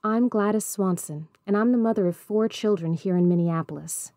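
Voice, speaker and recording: A woman's voice: medium pitch, normal speed, mellow, no room sound, clean studio sound, lightly acted. A woman voicing a sincere, community-minded mother in a storybook reading. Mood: earnest.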